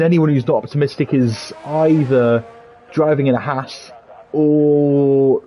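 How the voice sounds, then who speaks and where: A man with a Scouse accent commentating a sim racing league, excitable and jokey. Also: a little slow. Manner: excitable and jokey, pitch leaping on big moments. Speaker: race commentator.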